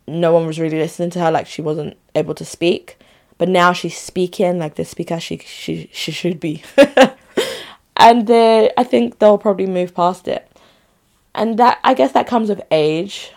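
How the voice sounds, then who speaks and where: A woman's voice: fairly low pitch, darkish tone. A woman hosting a solo podcast, chatting casually, laughing often and getting fired up in her opinions. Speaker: podcast host.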